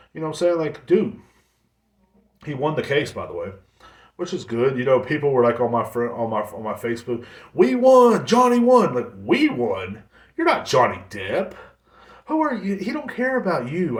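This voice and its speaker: A man hosting a podcast, delivering a heated, profane ranting monologue and mocking other people's voices. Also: medium pitch. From United States. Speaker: podcast host. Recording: echoey room.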